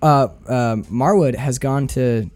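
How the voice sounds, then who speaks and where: Podcast co-host, man, animated and loose, swears freely, drops into quick impressions of movie lines. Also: mid-range voice. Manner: animated, quoting film lines in put-on voices. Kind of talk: casual film discussion.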